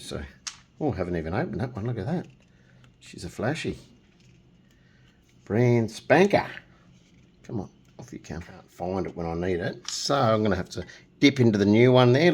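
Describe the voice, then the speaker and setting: A middle-aged man talks through a casual painting lesson in a low voice that jumps around with lively intonation. He keeps up a joking, chatty commentary while he works and drifts into humming silly nonsense tunes. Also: moderate pace, pauses often, slightly rough. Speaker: painting tutorial host.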